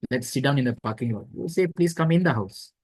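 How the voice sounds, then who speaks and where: A man's voice: medium pitch, lively intonation, fairly quick, slightly rough, rough recording. A man teaching an online devotional class, telling scripture stories and acting out the dialogue. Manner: storytelling, acting out quoted dialogue. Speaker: lecturer. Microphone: online class audio.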